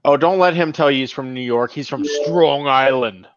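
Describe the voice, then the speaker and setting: A man's voice: mid-range voice, moderate pace. A man hosting a casual podcast, teasing his friends crudely and telling a story. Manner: teasing, crude, tells stories with acted quotes. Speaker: podcast host. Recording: dull dry lo-fi sound.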